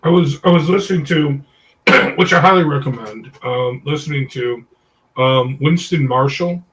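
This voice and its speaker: A man with a somewhat high voice, heard from a little way off the microphone. He rambles through his story with many fillers and halts to fix his own details as he goes. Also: moderate pace, fairly bright tone. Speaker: discussion group leader. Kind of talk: rambling casual discussion. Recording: voice distant from the mic.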